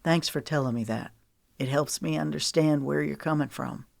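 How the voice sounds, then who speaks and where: A woman narrator voicing an easygoing young man who teases with a relaxed drawl, recorded dry and close. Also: deep voice, normal speed, gravelly, dry recording. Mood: teasing.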